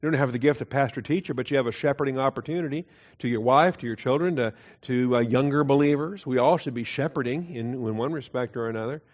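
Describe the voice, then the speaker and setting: A man teaching a Bible doctrine class in a conversational way, with frequent fillers, quiet chuckles and questions to the room. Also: mid-range voice, fast talker. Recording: dull lo-fi class recording.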